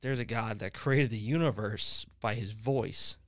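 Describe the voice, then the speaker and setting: A man with a fairly low voice hosts a laid-back podcast conversation about faith, telling long, rambling stories full of fillers and restarts. He speaks a little slowly, and the sound is dry and close, with no room sound.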